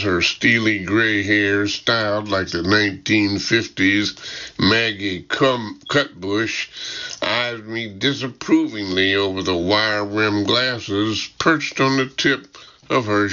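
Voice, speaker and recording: Slow, bright-voiced male audiobook narrator. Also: lowish voice, highs cut off. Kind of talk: first-person audiobook narration.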